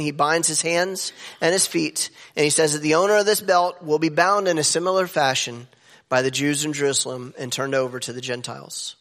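A high-pitched man delivers a sermon from the pulpit, leaping upward in pitch to stress his points. His voice rings with a long reverb in a church hall. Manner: animated preaching with sudden pitch jumps for emphasis. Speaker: pastor.

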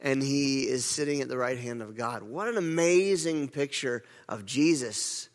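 A man's voice: medium pitch, unhurried. A man preaching a sermon as pastor, earnest, often repeating words and restarting phrases. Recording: long hall reverb.

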